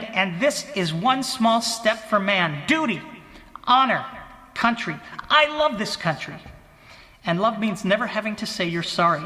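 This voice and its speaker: A man's voice: high voice, bright, forceful tone, voice pushed up. A man voicing a pompous male president who delivers a grand, solemn speech pieced together from famous quotes. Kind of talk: mock political speech. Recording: long hall reverb.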